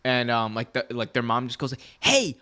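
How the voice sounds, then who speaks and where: A man's voice: mid-range voice, completely flat delivery, a little fast, pushed and bright, clear, resonant tone. A man co-hosting a podcast, chatting casually and rambling through stories with lots of fillers. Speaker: podcast co-host. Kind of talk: casual chat.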